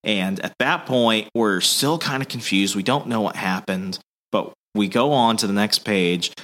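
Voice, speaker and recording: A man's voice: fairly low pitch, unhurried, fairly bright tone. A man hosting a podcast, casually recapping a comic in a loose, swearing style. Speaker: podcast host.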